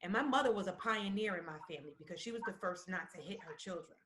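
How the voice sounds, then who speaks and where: A woman guest in a casual live-stream conversation, speaking at a medium pitch. She reflects aloud, pausing and filling gaps with "um" and "like" as she gathers her thoughts, over a phone or webcam mic. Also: lively intonation, background noise. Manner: thoughtful, halting, with many fillers. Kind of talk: casual chat.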